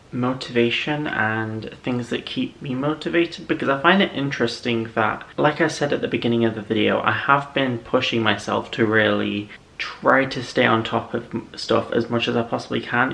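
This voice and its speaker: Gravelly, rambling man vlogging. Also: mid-range voice. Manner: rambling, relaxed, self-correcting. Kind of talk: casual chat to camera. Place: home room, indoors.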